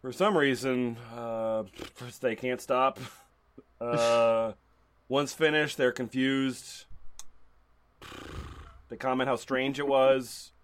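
Guy hosting a comedy podcast, keeps going uh uh while reading, regular pitch. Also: steady tone, clear, resonant tone. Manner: halting, heavy on filler sounds. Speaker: podcast host.

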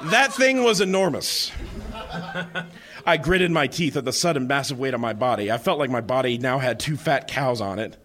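A man reading a book aloud for laughs on a live bar stage, animated and breaking into laughter. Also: mid-range voice, a little fast, hardly any pauses, crowd noise. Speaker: live reader. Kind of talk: comic reading to a bar crowd.

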